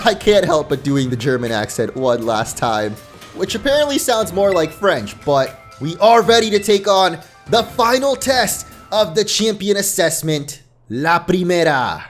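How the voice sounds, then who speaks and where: A man hosting a let's play, giving upbeat, excitable gameplay commentary. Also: high-pitched, moderate pace, soft background music.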